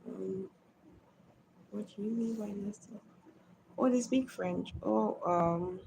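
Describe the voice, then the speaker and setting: A woman's voice: medium pitch, slow, gravelly, long pauses, a little mellow, slight background noise, rough recording. Sleepy woman chatting on a live stream. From Nigeria. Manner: chatty, answers viewers by name, sleepy and yawning. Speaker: livestream host. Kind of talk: casual live stream chat, reading comments.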